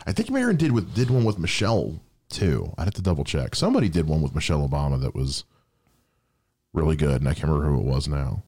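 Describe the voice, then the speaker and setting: A man's voice: a bass voice, very animated, quick pace, darkish tone, soft background music. A young adult man co-hosting a podcast, telling stories in casual chat and swearing freely as he rambles. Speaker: podcast co-host.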